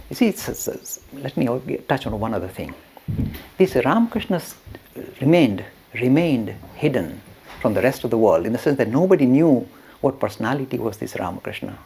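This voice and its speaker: A man's voice: mid-range voice, big pitch swings, normal speed, mellow, husky. A man giving a storytelling lecture, acting out the quoted speech and laughing often.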